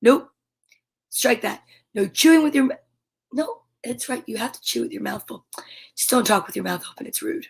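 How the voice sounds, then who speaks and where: A woman with a high, bright voice hosts a pretend children's show from home. She talks with bubbly, exaggerated kid-show enthusiasm, speaking to her viewers as if they were children. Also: lively intonation, moderate pace, vocal fry, long pauses, slightly rough. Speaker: livestream host. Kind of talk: playful mock children's show hosting.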